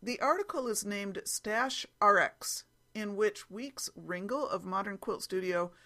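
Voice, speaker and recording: A woman's voice: medium pitch, lively intonation, measured pace, pushed and bright. A woman hosting her own hobby podcast in a chatty, rambling way, often correcting herself as she goes, recorded at home on a computer mic. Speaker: podcast host. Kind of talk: casual chat.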